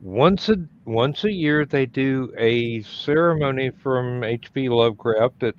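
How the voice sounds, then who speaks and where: A man delivers dry, deadpan jokes at a very unhurried pace. His voice comes through dull and lo-fi, like a muffled line. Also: medium pitch, a little hiss or hum. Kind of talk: casual group chat. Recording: dull lo-fi audio.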